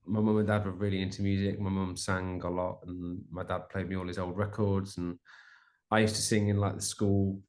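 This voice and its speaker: Rambling young Englishman, low voice. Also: little pitch movement, normal speed, darkish tone. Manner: chatty, rambling with many restarts and fillers. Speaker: musician guest. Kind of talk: casual interview chat.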